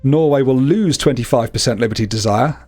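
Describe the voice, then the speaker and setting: Man, relaxed co-op gamer, jokey, reads options out; faint music underneath. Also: medium pitch, a little fast. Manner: reads game text aloud, laid-back and joking. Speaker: co-op gamer, channel host. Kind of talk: casual gameplay chat.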